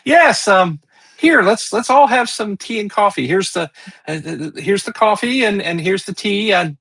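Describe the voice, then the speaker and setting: A man's voice: high-pitched, animated, normal speed, gravelly, fairly bright tone, slightly rough, pitched above the performer's own voice, full character voice. A man voicing a nervous, fussy older male rabbi who stammers and chuckles.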